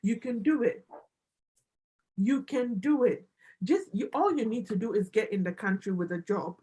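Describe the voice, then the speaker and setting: A woman in her thirties, a business analyst and immigration adviser, talking excitedly as a guest on a livestream and often repeating herself for emphasis. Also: fairly high pitch, normal speed, low-quality recording.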